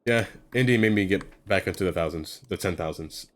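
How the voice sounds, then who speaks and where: Streamer, male, very low pitch, loose rambling self-talk while gaming. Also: fairly quick. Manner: rambling, self-talking, trails off with fillers. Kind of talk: casual live-stream commentary while building.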